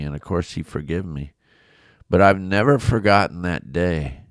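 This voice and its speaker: A man's voice: low voice, normal speed, no room sound. A middle-aged man, a pastor with a big coach's voice, telling a personal story in a devotional podcast, earnest and confessional with many restarts, recorded in his home office studio.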